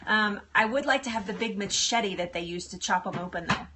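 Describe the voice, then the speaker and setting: A woman's voice: mid-range voice, fairly quick, sharp tone, a little hiss or hum. A middle-aged woman hosting a casual live stream, bubbly and giggly as she answers viewer comments. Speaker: livestream host.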